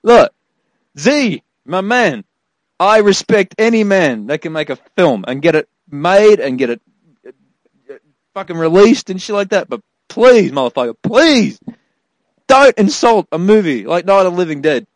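A man's voice: high voice, very animated, a little slow, no echo, rough recording. A man co-hosting a casual podcast, swearing a lot and laughing through mock-outraged rants. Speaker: podcast co-host. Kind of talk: casual chat.

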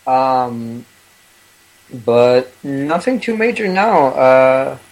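A man's voice: medium pitch, drawn-out words, low-quality recording. Laid-back man chatting about games. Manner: laid-back, many fillers and restarts. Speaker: podcast panelist. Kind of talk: casual gaming chat.

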